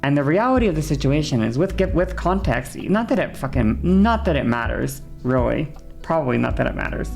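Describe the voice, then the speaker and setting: A woman's voice: a bass voice, big pitch swings, fairly quick, vocal fry, few pauses, a little mellow, soft background music. A woman streamer talking casually and swearing freely, often adding "you know" as she chats with her viewers. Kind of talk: casual livestream chat.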